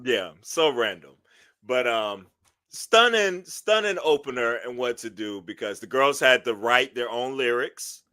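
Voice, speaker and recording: Bright-toned man in casual recap chat. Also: mid-range voice, steady tone, unhurried, clear, resonant tone, no echo, clean studio sound. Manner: rambling with fillers and hedges. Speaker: podcast co-host.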